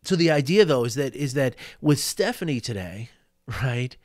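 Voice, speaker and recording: A middle-aged male coach telling personal stories, animated, often laughing and acting out quotes. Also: medium pitch, normal speed, no echo, clean studio sound. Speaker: life coach. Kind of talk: reflective storytelling monologue.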